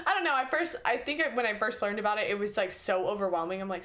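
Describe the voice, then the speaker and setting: A woman's voice: mid-range voice, lively intonation, fast talker, few pauses, fairly bright tone. Chatty upbeat woman podcast co-host. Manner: chatty and upbeat, heavy use of "like". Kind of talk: casual chat.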